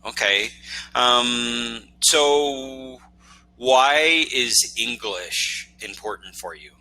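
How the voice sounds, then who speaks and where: A man's voice: mid-range voice, very slow, pushed and bright. A man from the United States tutoring English in an online lesson, patient and encouraging, often checking that he understood. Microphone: video call.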